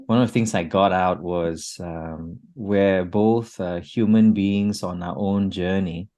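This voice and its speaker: A man hosting a conversational interview, affirming his guest often with quiet yeses and murmurs. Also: deep voice, steady tone, takes it slowly. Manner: affirming, frequent yes and mm. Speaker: podcast host and interviewer.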